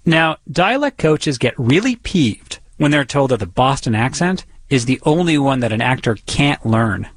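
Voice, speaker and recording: A man's voice: mid-range voice, very animated, normal speed, few pauses, no echo, poor audio. A man reporting a radio feature and interviewing a guest in a curious, chatty way.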